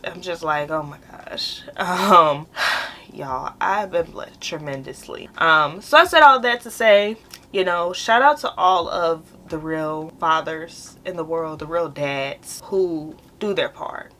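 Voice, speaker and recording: A woman's voice: low voice, a bit bright. A young woman vlogger chatting to camera in a heartfelt, rambling way, talking straight to her viewers. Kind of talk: casual chat to camera.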